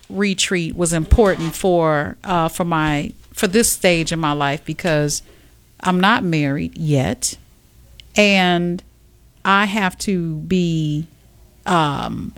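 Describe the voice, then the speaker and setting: A woman with a lowish voice recounts a story in casual talk, slipping into acted-out quotes as she goes. The sound is dry and close. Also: dry recording. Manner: animated storyteller, acts out quotes. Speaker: co-host. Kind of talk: casual chat.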